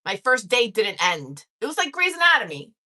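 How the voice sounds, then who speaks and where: Casual livestream host, a woman in her forties; high, tense tone, swearing freely through a tale. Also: fairly quick. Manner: profane and animated, laughing through stories. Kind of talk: casual storytelling.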